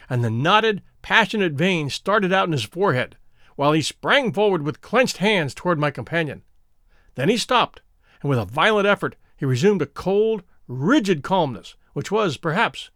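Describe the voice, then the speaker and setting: A man narrating a story as an audiobook in a dramatic, expressive reading style. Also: a little high, no room sound, studio quality.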